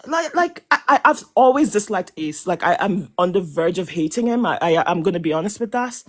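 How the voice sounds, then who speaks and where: A woman speaking as a guest on a live panel, emotional and emphatic, with many halting restarts and stammered repeats. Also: mid-range voice, lively intonation. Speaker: panel guest on a reality show podcast. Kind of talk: impassioned live panel commentary.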